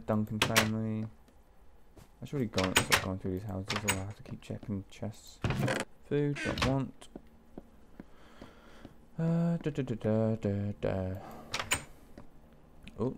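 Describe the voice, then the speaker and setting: A man's voice: lowish voice, heavy background noise. A young man from Wales, talking himself through a video game, muttering and swearing casually. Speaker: gaming channel host. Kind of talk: let's play commentary.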